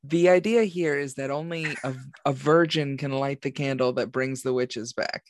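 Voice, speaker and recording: A man's voice: mid-range voice, normal speed, slight background noise. A man chatting casually about a movie, rambling with lots of fillers. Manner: rambling, filler-heavy storytelling. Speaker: podcast co-host. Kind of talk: casual movie review chat.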